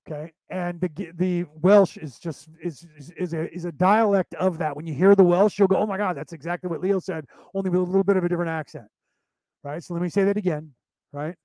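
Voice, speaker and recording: Speaking fairly quickly in a high-pitched, warm voice, a spiritual teacher from Ireland with an American accent rambles through a casual class lecture. He repeats himself and restarts while explaining step by step, and the audio is dry and poor.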